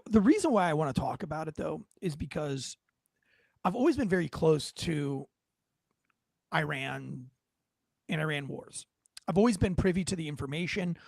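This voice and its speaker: Gravelly high-voiced joking man. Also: dry recording. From United States. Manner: joking, rambling, self-deprecating. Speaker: podcast host. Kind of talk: casual chat.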